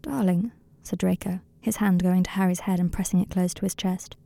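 A woman narrating a fan story as an audiobook, in a calm, steady way. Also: lowish voice, a little fast, vocal fry, no echo.

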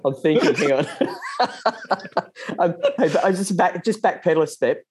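A man's voice: a little high, animated, a little slow, darkish tone, a little hiss or hum. A man co-hosting a podcast, joking and teasing his guest in casual chat. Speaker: podcast co-host.

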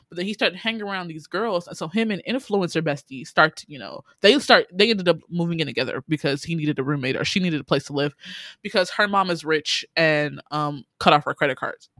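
A woman, casually recapping a TV series in animated, exasperated storytelling. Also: lowish voice, no room sound. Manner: animated, swearing, exasperated storytelling with quoted reactions.

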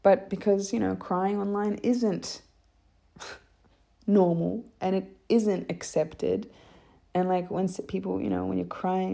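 A woman's voice: medium pitch, steady tone, slow pace, creaky, dark tone. A woman talking candidly and emotionally to camera in a rambling personal monologue, swearing freely. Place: lives in Iceland.

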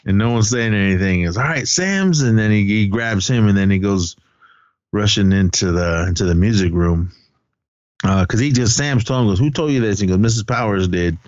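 A man's voice: low voice, steady tone, brisk, darkish tone, no room sound, dull audio. A man co-hosting a podcast, casually retelling a film's scenes in a rambling way, acting out quoted lines. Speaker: podcast co-host. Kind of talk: casual movie recap chat.

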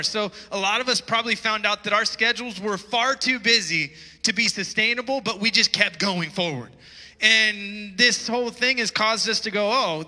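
A pastor preaches a sermon in a church hall, his high voice trailing a long reverb. Bright and forceful, he tells stories and urges his listeners to wake up with emphatic, rising calls.

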